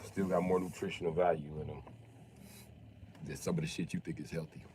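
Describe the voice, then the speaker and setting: A man's voice: sits low, steady tone, fairly quick, noisy background. A young man streaming a game, rambling and joking with plenty of profanity. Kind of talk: casual gaming livestream chat.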